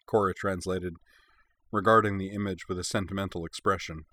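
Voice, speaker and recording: A man narrating a story aloud in a steady, descriptive way. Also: low voice, moderate pace. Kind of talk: read-aloud fan fiction narration.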